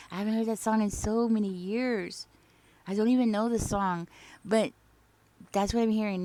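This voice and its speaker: A woman's voice: mid-range voice, steady tone, normal speed, pauses often. Chatty woman giving a tarot reading. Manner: chatty, repeats "okay?" and "you know?"; sings song snippets softly. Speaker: tarot reader. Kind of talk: casual spoken tarot reading.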